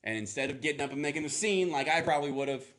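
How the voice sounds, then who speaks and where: A man preaching a sermon in a casual, animated storytelling manner, acting out playful voices. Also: fairly high pitch, rapid-fire. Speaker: pastor.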